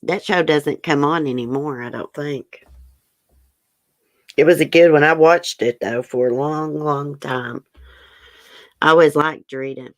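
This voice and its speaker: A woman's voice: low voice, unhurried, long pauses, no room sound. A woman hosting a livestream, chatting frankly and opinionated as she reads news and answers viewer comments. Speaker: livestream host. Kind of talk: casual chat reading news and viewer comments.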